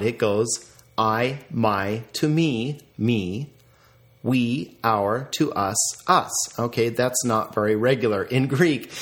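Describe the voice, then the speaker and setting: A man teaching a recorded vocabulary lesson, reading word forms aloud slowly and repeating them for practice. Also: mid-range voice. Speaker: language teacher.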